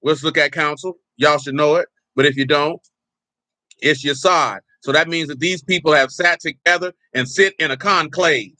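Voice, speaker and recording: A man's voice: on the high side, fairly even intonation, normal speed, bright, forceful tone, no room sound. A man preaching an informal teaching sermon, teasing and bantering with the congregation as he goes. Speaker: pastor.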